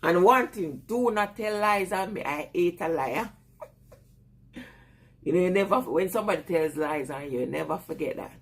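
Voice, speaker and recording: A woman's voice: fairly low pitch, lively intonation, moderate pace. A woman with a Jamaican accent chatting casually on a live stream, greeting viewers and laughing often.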